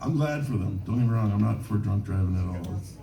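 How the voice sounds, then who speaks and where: A man's voice: fairly low pitch, quick pace, creaky, warm tone. A man from Minnesota, a touring musician, rambling through self-deprecating anecdotes between songs at a bar gig. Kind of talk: onstage storytelling between songs. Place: bar stage at a live gig. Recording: roomy live venue, distant mic.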